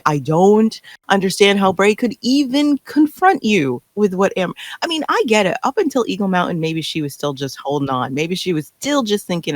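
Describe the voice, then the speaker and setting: A woman co-hosting a fan podcast, talking in an animated, exasperated way and acting out characters' lines. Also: mid-range voice, moderate pace, few pauses, no room sound. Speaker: podcast co-host. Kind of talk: casual fan discussion.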